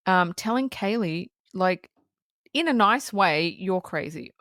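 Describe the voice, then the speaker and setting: Animated woman recapping a film. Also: mid-range voice, takes it slowly, no echo, clean studio sound. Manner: animated, swears, heavy use of "like". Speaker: podcast co-host. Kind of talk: casual movie recap.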